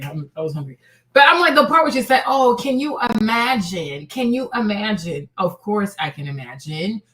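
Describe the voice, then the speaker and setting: A woman's voice: mid-range voice, a bit bright. A woman host giving sassy, emphatic reaction commentary on a stream, with laughing asides.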